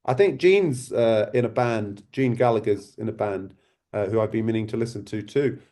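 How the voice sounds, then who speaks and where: A male podcast host with a low, mellow voice leads a casual interview. He phrases his questions hesitantly and often restarts his sentences. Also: moderate pace.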